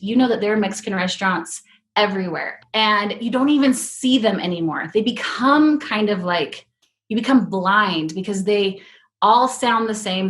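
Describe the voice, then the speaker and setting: A middle-aged woman with a medium-pitched voice hosts a podcast, telling a casual story with lots of energy. She acts out the voices of the people she quotes.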